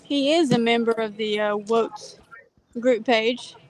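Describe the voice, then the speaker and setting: A woman's voice: a little high, slow, slight background noise. A woman co-hosting a live stream, chiming in with helpful tips from a distance. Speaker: co-host. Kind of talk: casual live chat.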